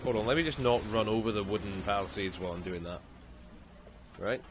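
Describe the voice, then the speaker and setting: A man with a Scottish accent giving casual, excitable commentary over gameplay as a gaming YouTuber. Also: lowish voice, a little fast, noisy background. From Scotland. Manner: excitable, exclaims often.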